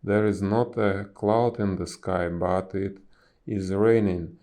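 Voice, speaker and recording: A man's voice: low voice, steady tone, slow pace, warm tone. A man reading a storybook aloud, voicing a small, tired, cautious male bird. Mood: musing.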